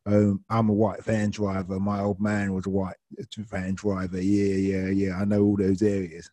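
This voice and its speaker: A man's voice: deep voice, completely flat delivery, moderate pace, dark tone, no room sound, close to an everyday voice. A man voicing a tipsy male passenger who keeps repeating himself about postcodes. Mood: rambling. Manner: repetitive, rambling.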